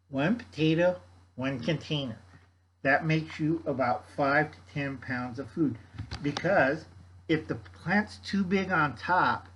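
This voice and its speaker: A man's voice: a little high, a bit bright, husky, highs cut off. An older man hosting a gardening channel, giving blunt, folksy advice in a rambling casual chat and scolding his viewers. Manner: blunt, scolding, folksy, refers to himself in third person.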